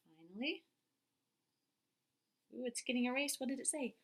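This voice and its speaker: A woman's voice: high-pitched, moderate pace, heavy background noise. A woman teaching a classroom reading lesson, encouraging the children and praising them often.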